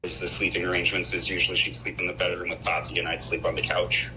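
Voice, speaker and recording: A man answering police questions as a father, giving quick explanatory answers. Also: low-pitched, level tone, background noise. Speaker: interviewee father.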